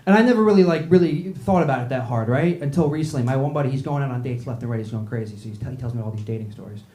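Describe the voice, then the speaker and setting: A man's voice: medium pitch, very fast, warm tone. A man doing a profane stand-up set, riffing with the crowd in a small club. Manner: brash, profane, riffs with the crowd. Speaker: stand-up comedian. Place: small comedy club with audience. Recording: echoey club, noisy live room.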